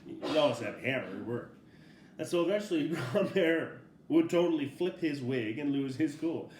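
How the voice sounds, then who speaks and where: A middle-aged man, a father, casually telling a family story in a relaxed, rambling way, laughing often as he goes. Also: fairly high pitch, normal speed, slight background noise. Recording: roomy echo.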